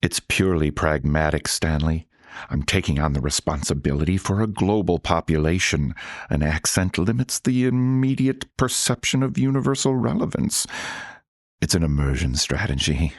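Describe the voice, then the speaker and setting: Man doing Baby New Year, deep American voice, calm, matter-of-fact, dry sound. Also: moderate pace, no room sound. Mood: earnest. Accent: General American. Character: Baby New Year, newborn year with a grown man's voice, calm and pragmatic.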